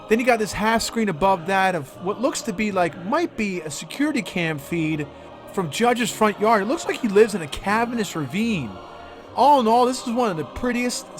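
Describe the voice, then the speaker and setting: High-voiced man hosting crude comedy news. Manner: crude, sarcastic mock-serious delivery. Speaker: host.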